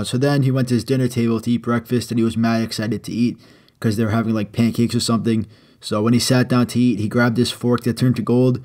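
A man's voice: mid-range voice, a little mellow. A man casually retelling an old myth as a comedy, full of slang, swearing and "uh" fillers. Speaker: storyteller.

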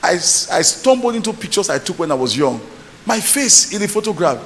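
Preaching with emphasis in church, a man keeps asking his congregation whether they're listening. He speaks high and sing-song at a moderate pace, and the hall is reverberant with a little noise.

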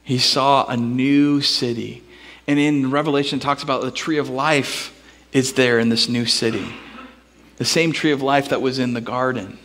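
A man preaching a sermon in a church, telling a story with animated voices for the people in it. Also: moderate pace, in a large hall. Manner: storytelling, animated, acts out characters with big pitch jumps. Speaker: pastor. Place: church sanctuary.

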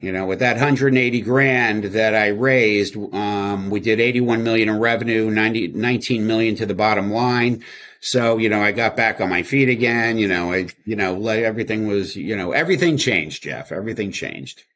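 A man's voice: fairly low pitch, normal speed, fairly bright tone. A man from New Jersey, an interview guest telling his story in casual, rambling speech, full of fillers and acted quotes.

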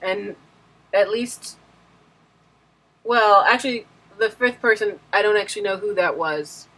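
A woman's voice: medium pitch, a little slow, a bit bright, slightly rough. A woman hosting a web show who chats casually and bubbly with her viewers. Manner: bubbly, giggly.

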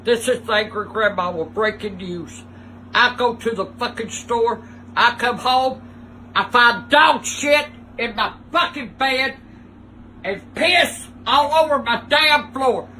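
A woman's voice: fairly high pitch, slow, sharp tone, a little hiss or hum, low-quality recording. An older woman, ranting in a foul-mouthed, cranky way through mock news and weather reports outdoors on a balcony. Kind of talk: profane comic rant to camera.

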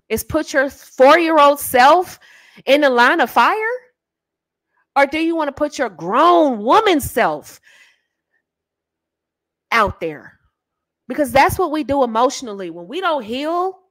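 Sassy high-voiced woman giving advice. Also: a bit bright, dry recording. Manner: sassy and emphatic, calls the listener baby and honey. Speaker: dating coach and channel host. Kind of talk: straight-talking advice monologue.

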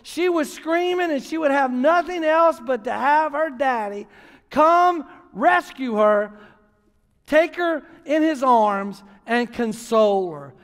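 Male pastor, very high-pitched, emphatic storytelling sermon, echoing sanctuary. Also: expressive, slow. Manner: storytelling preacher, builds to emphatic near-shouting. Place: church sanctuary. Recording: long reverb of a large church hall.

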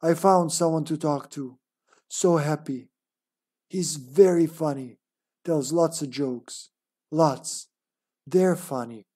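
A sick, isolated ship officer mumbles his diary entries in a low, tired hush, as a man puts on a monster voice. The voice sits a little high and drags along slowly, fading into weary murmurs. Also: husky. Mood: unhinged. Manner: slow, hushed, weary diary reading in a put-on monster voice. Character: lonely infected male ship officer writing a diary.

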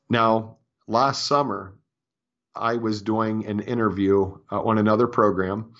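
Low-voiced man telling a ghost story. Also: fairly bright tone. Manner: earnest, convinced, many restarts. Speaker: author guest. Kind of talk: earnest storytelling interview. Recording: dull lo-fi audio.

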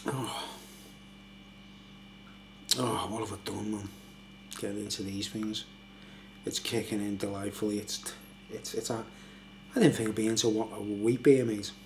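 A man's voice: fairly low pitch, flat delivery, unhurried, pauses often, noisy background. An older man, a little tipsy, rambling and laughing as he reviews a beer late at night at home. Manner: rambling, chatty, laughs often.

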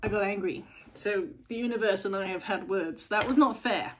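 A woman giving a casual, chatty tarot reading to camera as host, blunt and animated. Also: medium pitch, normal speed, noisy background. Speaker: tarot reader, channel host.

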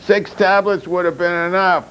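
A man voicing an angry male radical band leader who talks in emphatic shouts. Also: high voice, fairly even intonation, normal speed, clean tone, dull audio, pitched above the performer's own voice. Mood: exasperated.

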